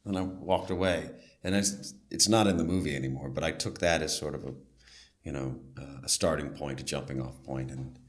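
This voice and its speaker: A middle-aged man, an actor being interviewed, telling stories in a casual, animated way and acting out the voices of people in them. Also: extremely low pitch, brisk. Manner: animated, acts out voices in anecdotes.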